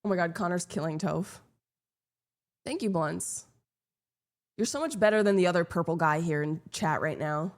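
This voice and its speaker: A young woman live streaming, chatting casually with her viewers in a sarcastic, deadpan, teasing way. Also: lowish voice, normal speed, pauses often.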